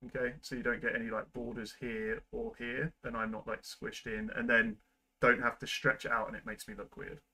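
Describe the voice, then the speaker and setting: A young man at his computer, explaining video editing steps in a relaxed, rambling way full of ums and likes. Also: medium pitch, normal speed, low-quality recording. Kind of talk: casual screen-recorded tutorial. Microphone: desk microphone at a computer.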